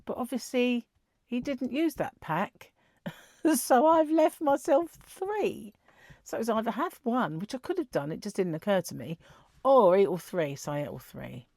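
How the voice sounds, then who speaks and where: Middle-aged woman for a casual crochet vlog, animated and giggly, dry close recording. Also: a little high, measured pace, dry recording. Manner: chatty, giggly, rambling storytelling. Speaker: crochet vlogger. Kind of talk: casual chat.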